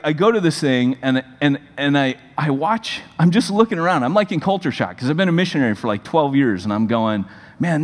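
A man preaching to a congregation, telling stories in a loose, animated way full of fillers and restarts. His voice sits at a middling pitch. The sound carries a long hall reverb. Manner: animated, rambling storyteller with many fillers. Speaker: pastor. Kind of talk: sermon storytelling. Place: church hall.

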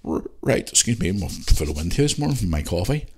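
A man's voice: low voice, big pitch swings, fast, husky. A man hosting a podcast, chatting casually and bluntly while reading out listener messages. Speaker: podcast host.

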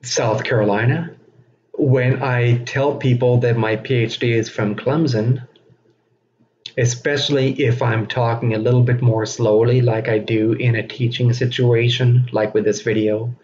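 A man giving a recorded teaching lecture, speaking slowly and deliberately with frequent fillers. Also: medium pitch, fairly even intonation, darkish tone. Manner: slow, deliberate, self-aware delivery with frequent fillers. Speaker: instructor. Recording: dull lo-fi recording with faint noise.

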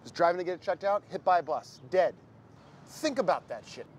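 An actor playing a crude friend who rambles bluntly about kids and getting older. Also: male voice, sits high, expressive, a little fast, a little mellow, a little hiss or hum. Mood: teasing. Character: crude, rambling man needling his friend about fatherhood.

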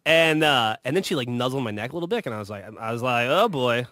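A man's voice: mid-range voice, fast, dry recording, studio quality. A man telling funny stories in casual chat, swearing and acting out what people said. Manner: animated, swearing, acts out quoted lines. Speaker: podcast host telling stories. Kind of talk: casual storytelling.

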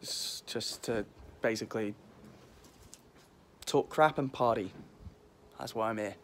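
A man's voice: fairly low pitch, takes it slowly. Man, 20s, mild Liverpool accent, self-mocking vlog host, phone recording outdoors with faint wind noise. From Liverpool, England. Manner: cheeky, rambling, self-mocking. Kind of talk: casual joking vlog. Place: outdoors in a windy back garden. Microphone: phone held while walking.

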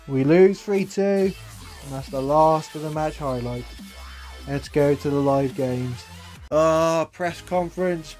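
A young man giving live commentary over his own football video game, swinging between gloomy mutters and excited yells at chances. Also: fairly high pitch. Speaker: gaming YouTuber.

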